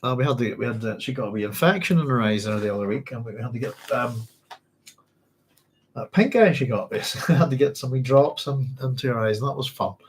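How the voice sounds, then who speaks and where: A man's voice: medium pitch, slight background noise. A Northern Irish man hosting a book club, reading passages aloud and chatting about them in a rambling way full of ums and restarts, with a cough now and then. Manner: rambling, halting, with frequent ums and self-corrections.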